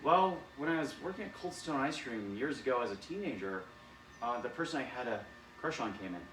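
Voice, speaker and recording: A man's voice: mid-range voice, lively intonation, fairly quick, fairly bright tone, a little hiss or hum, natural voice. A man playing a rambling young ice cream worker. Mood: eager. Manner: rambling storytelling. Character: young male ice cream worker, eager would-be villain. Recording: echoey room, distant mic.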